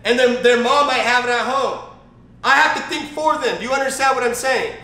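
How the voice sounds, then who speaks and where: A man with a bright, forceful voice gives a loose motivational training talk, repeating himself and stacking fillers as he drives his points home. The recording sounds roomy and echoey. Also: extremely high pitch, fairly quick. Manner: rambling, repetitive, emphatic, with many fillers and restarts. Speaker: network marketing trainer. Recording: roomy echo.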